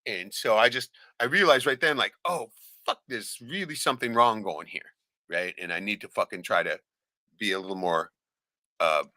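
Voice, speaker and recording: A man's voice: on the low side, normal speed, no echo. A man hosting a podcast who tells a story in casual, profane chat, keeps asking "right?" and acts out the voices of the people in it. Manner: acts out quoted voices, shouting them. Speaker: podcast host.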